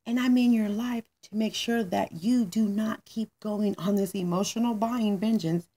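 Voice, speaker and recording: A woman voicing a blunt, angry male money manager who scolds and lectures with raised, pitched-up intensity. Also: steady tone, moderate pace, mellow, natural voice. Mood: lecturing.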